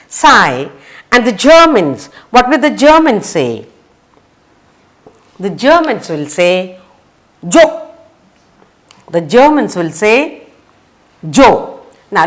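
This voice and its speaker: Woman, Indian English accent, kids' vocabulary lesson, sing-song voice, unhurried pace. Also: medium pitch. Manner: slow, sing-song, repeats words and spells letters. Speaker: teacher.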